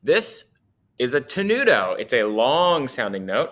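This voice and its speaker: A man's voice: medium pitch, very animated, unhurried, a bit bright. A man teaching a casual music lesson, playful and chuckling often as he explains.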